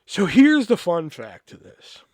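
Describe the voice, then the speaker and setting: A man hosting a podcast, telling a story in a casual, animated, profane way and acting out the quoted voices. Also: high voice, a little slow, dry recording. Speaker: podcast host.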